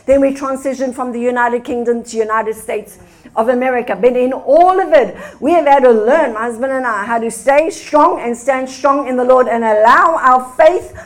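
An older woman with a high voice preaches a sermon as a guest minister. She tells stories with animated delivery and rises to fervent exclamations. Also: normal speed.

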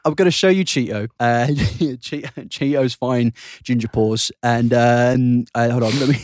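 A man's voice: medium pitch, measured pace, a little mellow, dry recording, clean studio sound. A young British man in his twenties hosting a casual podcast, giggling, swearing and stumbling over his sentences. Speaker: podcast host. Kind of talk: casual chat.

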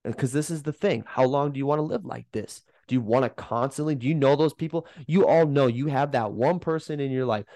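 A man's voice: medium pitch, brisk, hardly any pauses, dark tone, no room sound. Emphatic man giving a motivational pep talk. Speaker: fitness coach and podcast host. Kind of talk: motivational podcast monologue.

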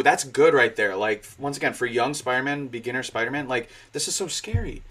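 Bright-voiced young man gushing about movies. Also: mid-range voice. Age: 20s. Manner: excitable, quick bursts of loud laughter. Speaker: podcast host. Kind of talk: casual movie discussion.

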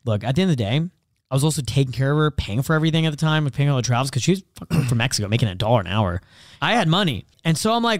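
A man's voice: mid-range voice, sing-song, rapid-fire, no room sound, studio quality. A young man chatting as a podcast co-host, telling crude stories bluntly and acting out quotes. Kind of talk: casual chat.

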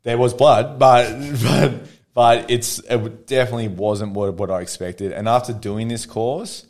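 A young adult man, a podcast guest telling stories casually, animated and laughing often. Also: medium pitch, unhurried. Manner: animated, laughs often, acts out quotes in a raised voice. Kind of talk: casual storytelling.

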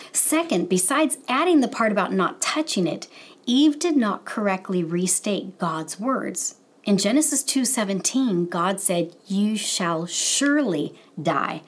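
A woman teaching a Bible lesson in a measured, explanatory way, carefully spelling out Hebrew terms. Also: mid-range voice.

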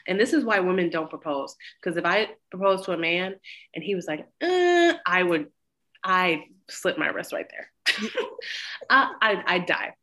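Lady with a lowish voice, swearing a lot, laughing, acting out quotes. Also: normal speed. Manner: animated, profane, acts out quotes with laughter. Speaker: podcast co-host. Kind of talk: casual chat recapping a show.

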